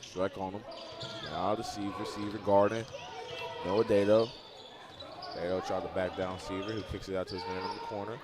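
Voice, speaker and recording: A man doing casual, chatty play-by-play for a college basketball game. He sometimes bursts into loud, excited calls on big plays. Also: low-pitched, moderate pace. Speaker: play-by-play commentator.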